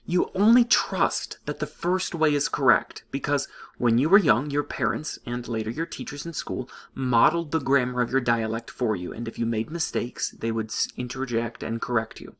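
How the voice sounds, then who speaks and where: A man lecturing in a measured, explanatory way for a recorded lesson. His pitch sits mid-range for a man. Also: a bit bright.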